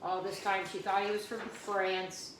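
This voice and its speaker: A woman teacher reading a picture book aloud to her students, pausing to explain new words to the children. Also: mid-range voice, little pitch movement, slight background noise. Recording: echoey room, mic at a distance.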